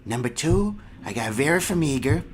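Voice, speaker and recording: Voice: medium pitch, very animated, moderate pace, a crowd in the background, natural voice. A performer playing a rambling opinionated old woman. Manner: rambling, opinionated, stumbles through long lists. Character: opinionated elderly woman at a retirement home. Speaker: movie reviewer on a comedy show.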